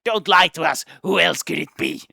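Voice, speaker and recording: A man's voice: a little high, expressive, moderate pace, creaky, pushed and bright, breathy edge, dry recording, pitched above the performer's own voice, heavily acted. A man voicing cruel teenage school bullies, reading game dialogue aloud in a mocking, sneering manner. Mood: menacing.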